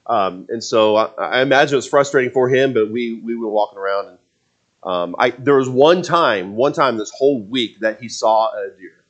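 A man's voice: medium pitch, moderate pace. A man in his forties telling a casual personal story, rambling with many restarts and fillers. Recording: dull lo-fi sound.

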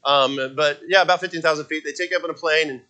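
A male pastor delivers a sermon in church, his voice high and bright. He tells a story with many restarts and fillers and breaks into shouted lines for the people in it. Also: fairly even intonation, quick pace, poor audio.

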